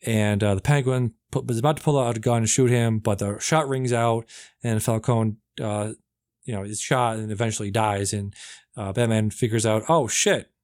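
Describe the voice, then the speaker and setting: A man's voice: on the low side, steady tone, moderate pace, a little mellow, clean tone, dry recording. Rambling man in a dry room. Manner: rambling, with many fillers and acted quotes. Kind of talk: casual chat, retelling a movie plot.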